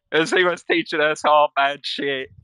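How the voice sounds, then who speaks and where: Young guy streamer, profane slangy storyteller, fairly high voice, bright and clear. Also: steady tone, slow pace, dry recording. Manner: profane, laid-back slang with loud quoted outbursts. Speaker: gaming streamer. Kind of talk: casual storytelling while playing.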